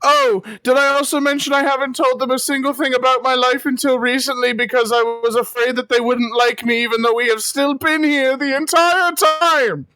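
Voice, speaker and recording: Guy doing a paranoid insecure adventurer, ranting, voice climbing high, dry sound. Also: fairly even intonation, moderate pace, hardly any pauses, pushed and bright, smooth, no room sound. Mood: mocking. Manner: ranting mock confession rising in pitch.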